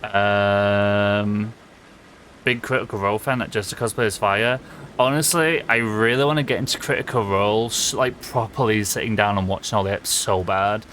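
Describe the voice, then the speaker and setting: A man's voice: fairly low pitch, steady tone, normal speed, a bit bright, a little hiss or hum. A young man with a Yorkshire accent, chatting casually with viewers while streaming a game, rambling and swearing freely. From England. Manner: rambling, laughs often, swears, answers chat. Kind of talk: casual live-stream chat while gaming.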